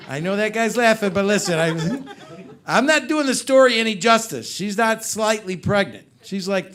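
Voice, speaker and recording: A middle-aged man doing a stand-up comedy set on a club stage, telling stories and joking with the crowd. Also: high-pitched. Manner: animated storytelling with crowd work.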